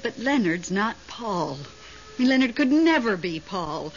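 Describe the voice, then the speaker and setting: A fretful lonely widow. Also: female voice, mid-range voice, a little slow. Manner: fretful, excitable, talks on the phone. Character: lonely widow, nervous and devoted. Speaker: actress in radio drama. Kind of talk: 1970s radio drama acting. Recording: dull vintage radio broadcast, faint hiss.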